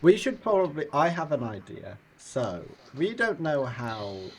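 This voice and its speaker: A man's voice: on the high side, big pitch swings, measured pace, crowd noise, rough recording. A young man playing in a tabletop game, chatting casually and laughing often. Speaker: player.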